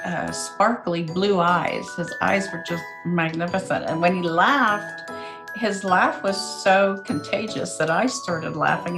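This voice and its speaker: Slow-talking woman telling a testimony over music. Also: fairly low pitch. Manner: laughing, self-deprecating storytelling. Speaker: near-death experience storyteller. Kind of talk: personal testimony.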